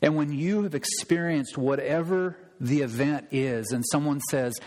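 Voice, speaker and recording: Man, pastor, sermon, somewhat high voice, animated quoting, long hall reverb. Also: a little slow. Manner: animated, acts out scripture quotes with sudden loud outbursts; addresses congregation directly, rhetorical questions. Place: church sanctuary.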